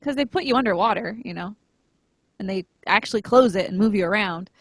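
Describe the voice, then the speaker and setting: A woman's voice: mid-range voice, a little fast, no echo. Woman co-host, dry close sound. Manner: friendly, laughs often, talks in loose run-on sentences. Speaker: podcast co-host. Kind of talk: casual podcast chat.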